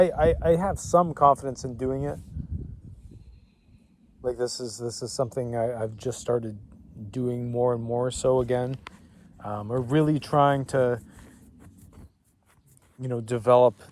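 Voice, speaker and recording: A man's voice: medium pitch, a little mellow, slight background noise. A man talking to camera outdoors in a rambling, profane, reflective way, often restarting his sentences. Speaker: vlogger. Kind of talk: casual reflective monologue. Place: outdoors among trees. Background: breeze and distant ambience.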